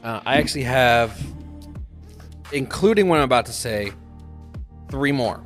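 A man's voice: mid-range voice, animated, measured pace, a bit bright, soft background music. A young man co-hosting a casual podcast, goofy and joking, with hiccups. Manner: goofy, joking, laughs at own bits. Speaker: podcast co-host. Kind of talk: casual chat.

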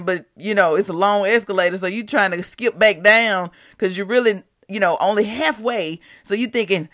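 A woman's voice: medium pitch, moderate pace, hardly any pauses, fairly bright tone, no echo, studio quality. A woman hosting a devotional podcast, chatting casually and asking the listeners rhetorical questions.

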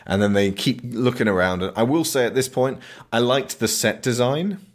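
A man's voice: mid-range voice, moderate pace. A man hosting a film podcast, retelling a movie's plot in a rambling, jokey way. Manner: rambling, jokey retelling with silly put-on quotes. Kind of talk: casual film review chat.

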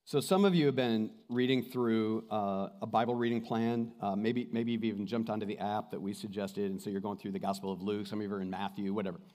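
A man's voice: fairly low pitch, a little fast, few pauses. A man preaching a sermon as pastor, telling stories with energy and acting out the people he quotes. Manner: animated storytelling, acts out quoted voices. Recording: reverberant hall.

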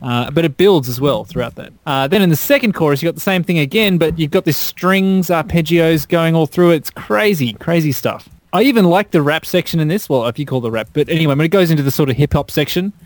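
A man excitedly breaking down a song's arrangement in a casual podcast chat. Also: a little high, quick pace, hardly any pauses, no room sound. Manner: enthusiastic, detailed song analysis. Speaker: podcast co-host. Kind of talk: casual music discussion.

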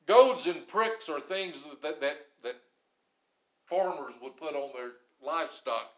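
A man preaching a sermon as pastor, stressing some phrases loudly and dropping others low and quiet. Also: animated, takes it slowly, echoey room, highs cut off. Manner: emphatic, swings between loud stresses and low quiet phrases.

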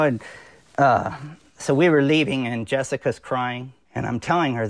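A pastor in his forties tells his life story as a podcast guest, earnest and unpolished, stopping often on fillers and restarting his sentences. His voice sits at an ordinary middle pitch for a man, and it is recorded close and dry with no room sound. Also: moderate pace, dry recording. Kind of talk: personal testimony in a podcast interview.

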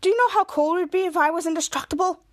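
A woman's voice: very high-pitched, racing, no echo. A woman voicing an eager teenage boy in close to her own voice.

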